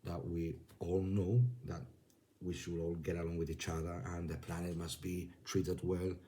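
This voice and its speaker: A man's voice: low-pitched, level tone, normal speed, warm tone. A man giving casual religious commentary to camera. He talks conversationally, reads news lines and scripture aloud, and keeps checking in with the listener.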